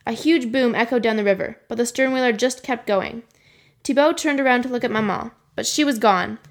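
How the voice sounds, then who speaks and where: A woman reading a storybook aloud at home in a kitchen, telling it in a lively way and voicing the characters. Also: a little high, a little fast. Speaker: reader.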